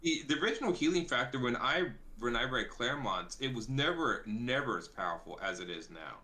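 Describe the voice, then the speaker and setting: A man's voice: mid-range voice, lively intonation, a little fast, sharp tone. A man in casual chat, rambling through recollections like a storyteller.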